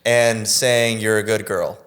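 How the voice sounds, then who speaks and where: A man's voice: on the low side, fairly even intonation, slow, fairly bright tone. Man, podcast guest, comedian, loose rambling delivery, fillers, casual chat. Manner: rambling, filler-heavy storytelling.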